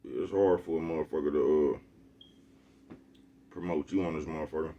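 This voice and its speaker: Bay man, very low voice, loose slangy vlog rant, looping back on himself. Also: fairly even intonation, moderate pace, highs cut off. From Oakland, California. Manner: slangy, rambling, keeps asking "you know what I'm talking about". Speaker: vlogger. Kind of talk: casual monologue to camera. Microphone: phone with Bluetooth earpiece.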